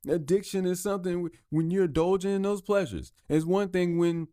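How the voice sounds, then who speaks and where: A man's voice: high-pitched, fairly quick, dark tone, dry recording, clean studio sound. A man hosting a solo podcast, ranting in a heated, profane way, often stumbling and repeating himself. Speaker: podcast host.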